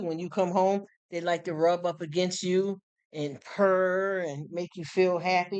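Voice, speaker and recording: Streamer rambling warm to chat, smooth voice, dry close sound, lots of thank yous. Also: mid-range voice, dry recording. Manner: warm, rambling, heartfelt talk with repeated restarts; greets chat viewers by name and thanks them. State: choked up, near tears. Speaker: live streamer. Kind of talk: casual live stream chat.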